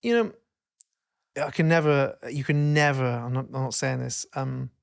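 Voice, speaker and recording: Gravelly, chatty podcast host. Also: male voice, mid-range voice, normal speed. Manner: rambling, self-interrupting, animated when telling stories, swears. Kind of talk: casual chat.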